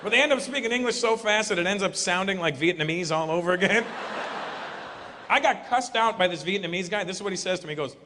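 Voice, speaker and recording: A man doing stand-up comedy to a large live audience, loud and animated, slipping into mocking voices. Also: sits high, fast talker. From Canada. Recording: echoey live hall recording with crowd noise.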